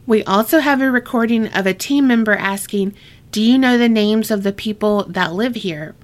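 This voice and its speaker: A woman co-hosting a podcast reads listener ghost stories aloud in a casual, chatty style, laughing often. Her voice is medium-pitched and moves at a normal speed.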